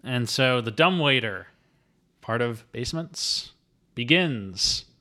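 Lively man co-hosting a film podcast. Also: medium pitch, slow. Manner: animated, jokey, jumps into silly impressions. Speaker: podcast co-host. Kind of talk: casual movie-review chat.

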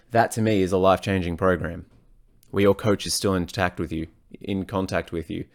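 A man with a notably low voice hosts a solo podcast as a fitness coach. He talks bluntly and swears freely. He drifts onto tangents and corrects himself mid-sentence. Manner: blunt and profane, frequent swearing; rambling, self-correcting, off on tangents.

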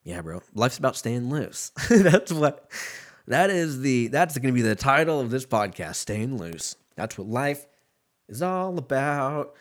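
A man hosting a podcast in a loose, unfiltered ramble, cursing casually and losing his train of thought. His voice is mid-pitched but very animated, swinging up and down as he riffs. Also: a little slow. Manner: loose, profane, jumps between tangents. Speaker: podcast host.

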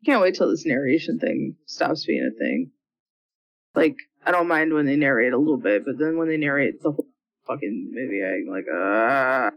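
A woman's voice: a bass voice, big pitch swings, a little fast, no echo. A woman co-hosting a podcast, making wry, teasing remarks while watching a movie. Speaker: podcast co-host. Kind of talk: casual movie-watch commentary. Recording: dull lo-fi sound.

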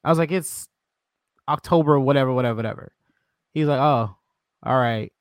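Casual podcast host, dry close sound. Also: male voice, medium pitch, a little fast, no room sound. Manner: relaxed, many "you know" fillers, quotes himself. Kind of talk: casual chat.

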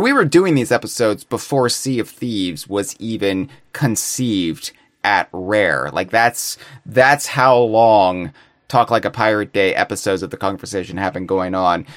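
Theatrical, low-voiced man hosting a podcast. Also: no room sound, studio quality. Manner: theatrical, playful, mock-grand phrasing. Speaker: podcast co-host. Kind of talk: casual podcast chat.

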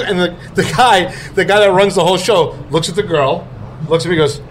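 A man telling a story in casual chat, animated and acting out the people he quotes. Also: sits high, a little fast, noisy background. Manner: animated, acts out quoted voices.

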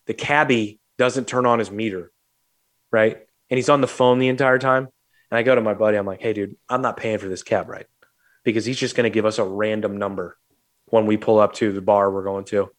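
A man from St. Louis hosting a podcast, telling a story casually and acting out the quotes with plenty of swearing. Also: fairly low pitch. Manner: animated, swears freely, acts out quotes. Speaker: podcast host.

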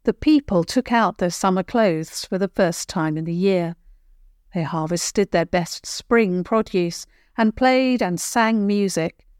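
An older woman, the regular storyteller of the show, reading a children's bedtime tale in a gentle, measured way. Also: lowish voice, no echo, studio quality. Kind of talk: scripted children's story narration.

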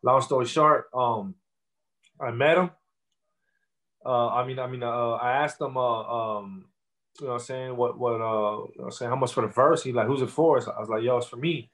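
A Texas rapper in his thirties, guesting in a casual interview, has a medium-pitched, fairly bright voice at normal speed. He spins his stories loosely, with plenty of swearing and filler words.

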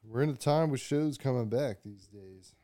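A man's voice: mid-range voice, moderate pace, warm tone, no room sound, clean studio sound. A man co-hosting a casual podcast, mostly chiming in with short agreeing remarks. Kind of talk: casual chat.

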